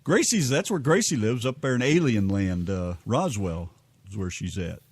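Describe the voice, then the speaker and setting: Lively, rambling man on radio. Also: on the low side, moderate pace, slightly rough. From Kentucky. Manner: rambling, joking, stalling while he hunts for songs. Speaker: radio show co-host. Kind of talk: casual live radio chat.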